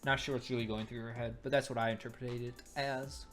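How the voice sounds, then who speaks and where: A man's voice: mid-range voice, level tone, quick pace, fairly bright tone, soft background music. A young man giving casual, rambling commentary while reviewing a webcomic, full of joking asides.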